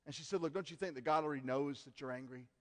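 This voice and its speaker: Earnest pastor in a reverberant church. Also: male voice, on the high side, racing. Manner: earnest, shifts from loud emphasis to hushed asides. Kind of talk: sermon. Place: church sanctuary. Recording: long church hall reverb.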